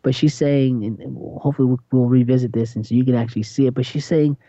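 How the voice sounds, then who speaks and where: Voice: mid-range voice, fairly even intonation, fast talker, hardly any pauses, warm tone, no room sound, dull audio. A radio host in a casual, chatty monologue who tells stories and acts out quotes in a raised voice.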